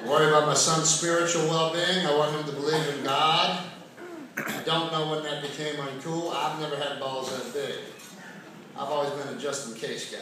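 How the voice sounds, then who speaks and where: A man's voice: a little high, brisk. A man doing a stand-up routine in a large casino showroom, with wry, self-mocking storytelling. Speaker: stand-up comedian. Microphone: handheld stage mic, recorded by a phone in the audience. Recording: echoey noisy far-off audience recording.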